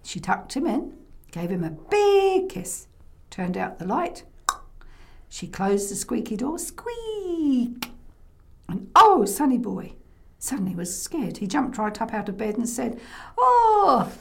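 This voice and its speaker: A woman's voice: mid-range voice, sing-song, unhurried, creaky, fairly bright tone. A woman telling a children's story in the oral tradition, playful, making the sound effects and inviting listeners to join in. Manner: playful, with vocal sound effects and audience prompts.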